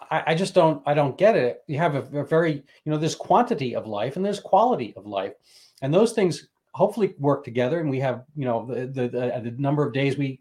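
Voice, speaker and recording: A man hosting a casual conversation, talking in a halting way with many restarts. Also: a little high, darkish tone. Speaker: host.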